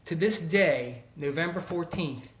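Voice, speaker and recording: A man's voice: on the high side, measured pace, roomy sound. A middle-aged man and former teacher, telling stories in a casual conversation and acting out the people he quotes. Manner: animated storyteller who acts out quoted people. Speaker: guest, former teacher and school counselor.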